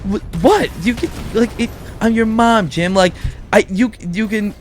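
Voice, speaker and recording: A man voicing a flustered middle-aged mom, shrill and high-pitched as she pleads with her son. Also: measured pace, slight background noise.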